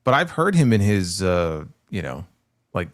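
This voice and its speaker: Low-voiced man chatting with hesitations. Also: very animated, measured pace, dry recording, studio quality. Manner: hesitant, many fillers and restarts while explaining. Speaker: podcast co-host. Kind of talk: casual wrestling talk.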